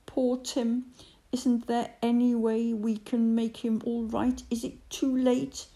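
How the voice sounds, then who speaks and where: Woman reading as a male storybook mouse, pleading questions, slightly raised voice, slow. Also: on the high side, little pitch movement, mellow, pitched above the performer's own voice. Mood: worried. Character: grumpy male mouse learning kindness.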